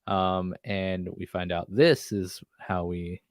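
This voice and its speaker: Low-voiced man recapping a show. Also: takes it slowly, no echo. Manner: animated storyteller, acts out lines from scenes. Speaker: podcast co-host. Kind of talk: casual chat recapping a TV episode.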